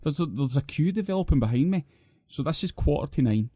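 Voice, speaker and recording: A man's voice: fairly high pitch, expressive, fast talker, warm tone, breathy edge, dry recording, clean studio sound. A Scottish man co-hosting a podcast, telling long profane stories in a ranting manner. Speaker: podcast co-host. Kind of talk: casual chat, long sweary anecdotes.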